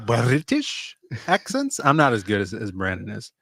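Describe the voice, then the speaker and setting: A man's voice: medium pitch, huge pitch swings, moderate pace, a bit bright, no room sound, studio quality. A man co-hosting a casual livestream, rambling loosely and greeting people in the chat by name. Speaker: podcast co-host.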